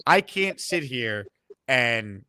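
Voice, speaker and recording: A man hosting a sports call-in show, chatting casually with callers and laying out measured, reasoned opinions. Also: mid-range voice, sing-song, pushed and bright, clear, resonant tone, no echo. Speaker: sports talk show host.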